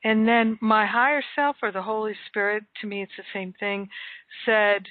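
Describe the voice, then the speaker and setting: A woman's voice: medium pitch, fairly even intonation, moderate pace, no room sound. A middle-aged woman talks in a reflective, storytelling way, often restarting her sentences. The sound is thin and tinny, like a phone line. It is close and dry, with no room sound. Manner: warm reflective storytelling with fillers. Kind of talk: casual spiritual conversation.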